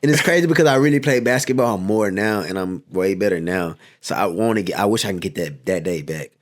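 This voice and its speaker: A man's voice: deep voice, fairly quick. A man from Houston, a rapper guest in a casual interview, talking in a laid-back, rambling way full of slang. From Houston, Texas.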